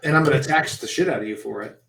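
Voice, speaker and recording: A man's voice: medium pitch, quick pace, creaky, echoey room, a crowd in the background, rough recording. A man who is a guest in a casual chat, laid-back and joking, swearing freely. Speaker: podcast guest.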